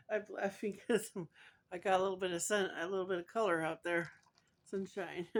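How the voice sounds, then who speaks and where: A middle-aged woman chatting casually in an eating vlog, giggling often and sounding relaxed and drowsy. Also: medium pitch, moderate pace. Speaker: food vlogger.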